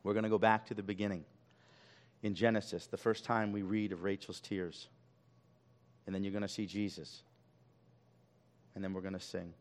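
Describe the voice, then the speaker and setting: A male pastor preaching a sermon, swelling loud on key lines and dropping to a hush. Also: deep voice, flat delivery, normal speed, long pauses.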